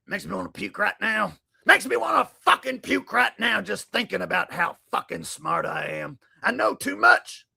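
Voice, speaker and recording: A man's voice: very high-pitched, bright, forceful tone, pitched above the performer's own voice, exaggerated voice. A man doing a comic impression of a bellowing, crude male conspiracy talk-show host. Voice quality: gravelly, husky. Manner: bellowing, crude, manic rant.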